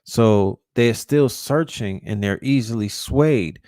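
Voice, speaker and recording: A man's voice: fairly low pitch, takes it slowly, dark tone, dry recording, studio quality. A man ranting casually, emphatic and profane, often restarting words when fired up. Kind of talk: casual rant.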